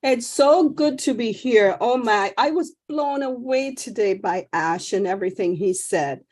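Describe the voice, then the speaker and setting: A woman's voice: on the high side, animated, a little slow, a little mellow. A woman speaking effusively on a webinar panel, praising with devout fervor. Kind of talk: enthusiastic testimonial.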